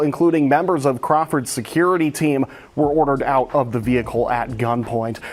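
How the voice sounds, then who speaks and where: A man delivering a scripted local TV news report in a measured, formal way. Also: on the high side, darkish tone.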